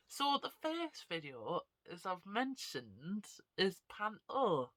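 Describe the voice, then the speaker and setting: Vlogger all stuffed up from a cold, chatty and rambly, bright dry voice. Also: medium pitch, very animated, slow pace, hardly any pauses, no room sound. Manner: rambling, chatty, self-deprecating. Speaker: vlogger and actor. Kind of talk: casual chat to camera.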